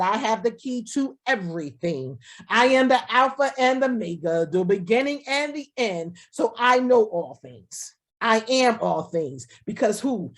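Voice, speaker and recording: A woman pastor preaching a sermon over a video call, repeating lines and speaking as God in the first person. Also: a little high.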